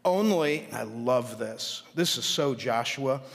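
A male pastor preaching a sermon, reading scripture aloud with lively asides. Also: mid-range voice, slow, vocal fry. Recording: long hall reverb.

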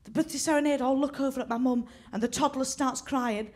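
This is a stand-up set by a woman with a high-pitched voice, recorded through a stage microphone before a live audience whose laughter is audible. She lands her jokes deadpan and slips quickly into character voices.

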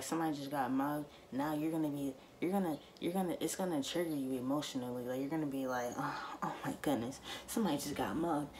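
A woman's voice: sits low, darkish tone, slight background noise. A woman vlogger in a casual to-camera monologue, speaking emphatically and repeating her points straight to her viewers.

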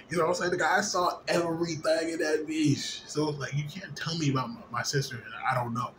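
A man's voice: on the high side, brisk. A slightly drunk man in a rambling, profane late-night monologue, full of fillers and restarts. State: a little drunk. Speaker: vlogger. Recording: noisy ambience behind voice.

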